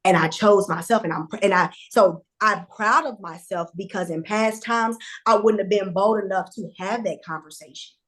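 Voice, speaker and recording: A woman speaks as a guest on a talk show, telling her own story candidly. She is animated and conversational and often restarts her sentences. Her pitch sits in an ordinary middle range. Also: normal speed, few pauses.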